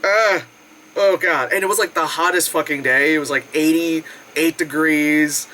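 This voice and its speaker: A vlogger telling a casual, animated food story, acting out quotes with big pitch jumps, laughing and swearing often. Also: moderate pace, a little hiss or hum, rough recording. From United States.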